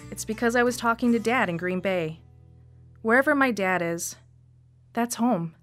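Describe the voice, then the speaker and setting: A woman's voice: fairly high pitch, moderate pace, fairly bright tone, soft background music. Woman with a Wisconsin accent telling her story. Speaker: radio storyteller. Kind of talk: scripted personal essay narration.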